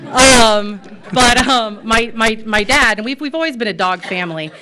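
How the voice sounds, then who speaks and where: A woman's voice: fairly high pitch, normal speed, pushed and bright. An American woman and pet store owner speaking at a city commission meeting, impassioned and emotional, with frequent fillers. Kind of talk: public comment at a city meeting.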